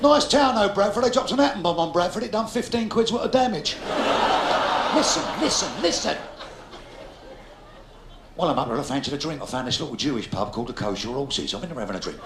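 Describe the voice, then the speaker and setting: A man's voice: on the high side, expressive, racing, few pauses, background noise. A London man in his fifties with a Cockney accent, doing a crude live stand-up routine and ribbing the crowd. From London, England. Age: 50s. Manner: brash, crude punchline delivery, heckling the crowd. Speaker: stand-up comedian. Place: large theatre stage. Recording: echoey hall, loud audience laughter, 1990s live video. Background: audience laughter.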